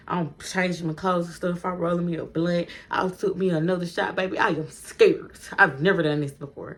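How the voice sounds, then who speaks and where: A woman with a slightly low voice tells a storytime for her vlog, speaking straight to her viewers. She is animated and chatty, swears freely and laughs often along the way. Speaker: vlogger.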